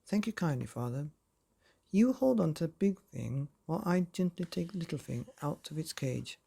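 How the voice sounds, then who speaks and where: A man's voice: fairly high pitch, expressive, moderate pace, creaky, dark tone, slightly rough, heavily acted. A man voicing a gushing, prim middle-aged mother in a bedtime story, effusive and fussy.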